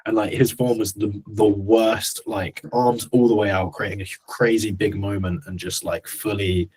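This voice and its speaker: Chill young guy chatting on a podcast, low-ish husky voice. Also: flat delivery, a little slow, a little mellow. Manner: laid-back, swears casually, laughs while telling stories. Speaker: podcast co-host, coach. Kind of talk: casual podcast chat.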